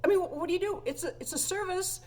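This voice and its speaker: A woman's voice: very high voice, very fast, a little mellow. Chatty woman organist telling a church story. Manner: chatty, laughs often, many fillers. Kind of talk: casual anecdote to viewers.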